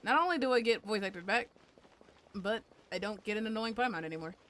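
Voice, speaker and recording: A woman's voice: mid-range voice, fast talker, fairly bright tone, a little hiss or hum. A woman streaming a game, chatting casually with crude, playful jokes and talking to herself. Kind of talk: casual gaming commentary.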